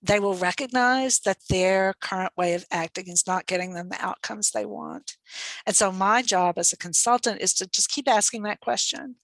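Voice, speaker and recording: Woman consultant, reflective webinar speaker, mid pitch, dry close sound. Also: moderate pace, a bit bright, dry recording, low-quality recording. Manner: reflective, thoughtful, light laughter. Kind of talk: online webinar Q&A answer.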